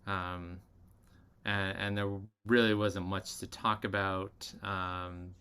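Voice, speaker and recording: A podcast co-host chats casually in a deep, clear, resonant voice that's slow, sharp in tone and has little pitch movement. Easygoing and agreeable, he fills pauses with ums while thinking and often restarts with many fillers.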